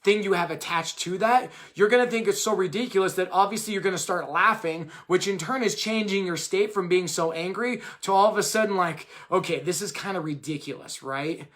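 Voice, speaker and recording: A man's voice: high voice, a little fast, hardly any pauses, a bit bright. A man co-hosting a live video chat, talking casually and rambling, full of "like" and "right?". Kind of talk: casual live-stream talk.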